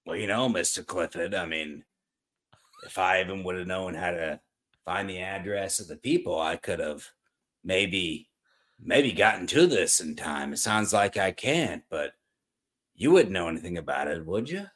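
A man imitating a rumpled TV detective who plays dumb, speaking low and halting with feigned confusion. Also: animated, fairly bright tone. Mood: sly.

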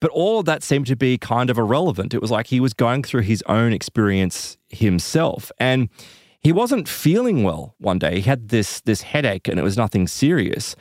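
A man's voice: mid-range voice, sing-song, normal speed, a little mellow, dry recording, clean studio sound. A man hosting a podcast, casually retelling a long story with plenty of fillers and asides.

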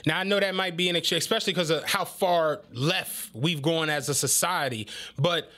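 Give a fairly high-voiced man co-hosting a podcast, animated storyteller, loose conversational delivery, casual chat. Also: moderate pace. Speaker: podcast co-host.

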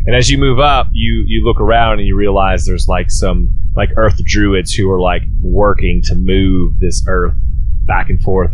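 A man's voice: on the low side, a little hiss or hum. A man running a tabletop game as game master, narrating scenes casually with many fillers.

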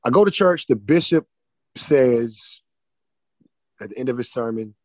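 A man on a podcast telling an emotional personal testimony, often restarting and repeating words, swinging between loud and hushed. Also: mid-range voice, lively intonation, a little slow, no room sound, poor audio. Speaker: podcast guest.

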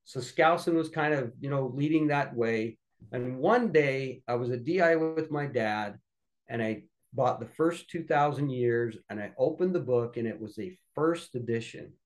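A man as a podcast guest recounting a family anecdote. He speaks at an ordinary middle pitch and tells the story with animation, often restarting his sentences. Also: moderate pace. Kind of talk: telling a family story in a conversation.

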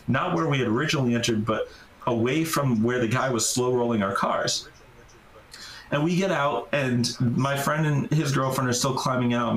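A man's voice: mid-range voice, fairly bright tone. A man guest on a podcast, casually telling a story with lots of "like" fillers and swearing. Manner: rambling, heavy use of "like", swearing. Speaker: podcast guest, urban explorer. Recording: echoey room.

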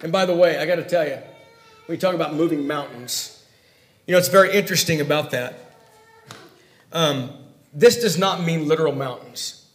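A man preaching a sermon in a folksy way, swinging between loud emphasis and hushed asides. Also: on the high side, normal speed, long pauses, reverberant.

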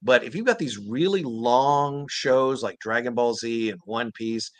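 A man, a voice actor guest, telling stories in an animated, earnest way during a casual interview. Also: medium pitch, measured pace, no echo.

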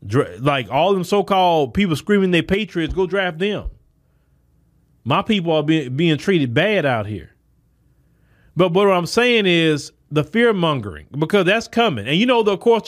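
A man hosts a solo podcast commentary, speaking bluntly and emphatically. His voice sits a bit higher than most men's. He often repeats and restarts words as he drives his points home. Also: a bit bright. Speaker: podcast host. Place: Texas.

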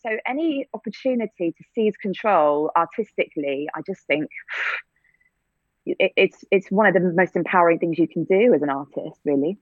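A woman's voice: on the low side, lively intonation, moderate pace, no echo. Woman actor on a tinny phone line. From England. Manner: reflective, many restarts and fillers, light laughs. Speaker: actor and theatre-maker. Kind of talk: conversational interview answers.

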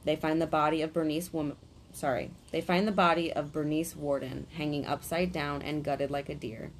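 Low-voiced woman podcasting, blunt crime storytelling, bit of background hiss. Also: steady tone, moderate pace. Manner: blunt, swears casually, dry reactions. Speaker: podcast co-host telling a true crime story.

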